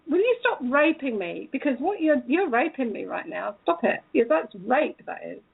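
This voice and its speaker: A woman's voice: high-pitched, creaky, slightly rough, narrow, tinny audio. A woman telling a story in a casual way, acting out the lines of the people in it. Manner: animated, acts out quoted dialogue. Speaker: speaker recounting a police encounter.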